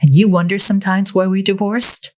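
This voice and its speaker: A woman's voice: mid-range voice, steady tone, a little fast, darkish tone, pitched above the performer's own voice, lightly acted. A woman voicing a defensive, hot-tempered divorcee. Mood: heated, defensive. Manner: growling, huffy.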